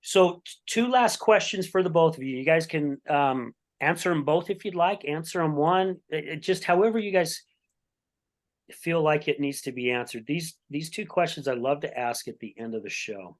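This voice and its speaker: A man's voice: fairly high pitch, moderate pace. Chatty male podcast host. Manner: chatty, rambling, frequent restarts. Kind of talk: casual interview chat.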